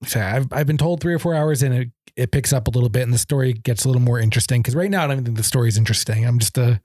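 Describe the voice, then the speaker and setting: A man's voice: mid-range voice, rapid-fire, darkish tone, no room sound, clean studio sound. A man co-hosting a casual chat, laid-back, joking and skeptical. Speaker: podcast co-host. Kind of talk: casual chat about video games.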